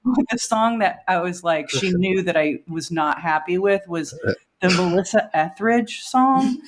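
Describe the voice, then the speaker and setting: A woman's voice: lowish voice, lively intonation, a little slow, crowd noise. A woman in a band, a podcast guest telling rambling stories in a casual, chatty way and laughing often. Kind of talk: casual storytelling.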